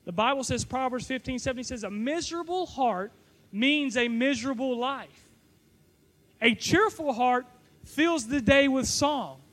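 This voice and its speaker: A man with a strikingly high-pitched voice delivers a sermon built around a personal story. He jokes at his own expense and teases his listeners as he goes. He sounds middle-aged and speaks as a youth pastor addressing his audience. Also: unhurried, fairly bright tone. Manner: playful, self-mocking storytelling to a live audience.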